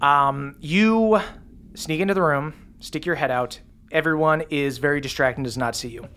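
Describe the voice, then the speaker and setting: Brief: game master describing a dungeon, easygoing, average pitch, casual pauses. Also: clean tone. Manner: descriptive, relaxed narration with fillers. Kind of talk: narrating a tabletop game.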